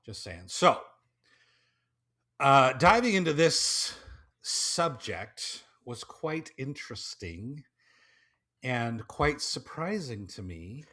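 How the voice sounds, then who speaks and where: A man's voice: medium pitch, big pitch swings, drawn-out words, pauses often, sharp tone. A man hosting a podcast, telling a folk tale and then chatting loosely with fillers and jokes. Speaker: podcast host. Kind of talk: storytelling narration and casual chat.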